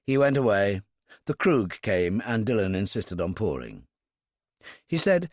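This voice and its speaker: Male thriller narrator, measured, lively pitch, dry close mic. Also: no room sound. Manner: measured storytelling. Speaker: audiobook narrator. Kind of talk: scripted audiobook narration.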